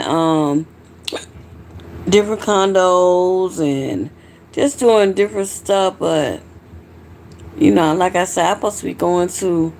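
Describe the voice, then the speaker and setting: A woman's voice: medium pitch, darkish tone, slight background noise. A woman hosting a casual late-night livestream, tipsy and hiccuping, chatting loosely with viewers and swearing freely. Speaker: livestream host.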